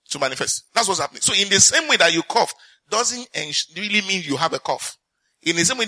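A male preacher delivers a sermon in a bright, ringing voice pitched a little higher than most men's. He is emphatic, repeats lines for effect, reads scripture aloud, and throws questions out to the congregation.

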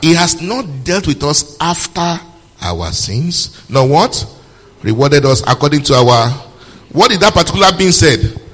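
A man's voice: a little high, very animated, unhurried, fairly bright tone, breathy edge, in a large hall. A male pastor preaching a sermon, reading scripture aloud and firing rhetorical questions at his congregation.

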